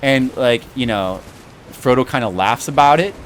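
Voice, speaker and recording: A streamer plays a game and chats casually, his medium-pitched voice moving at a normal speed. He's rambling and animated, mocking scenes from movies, with a noisy background behind him.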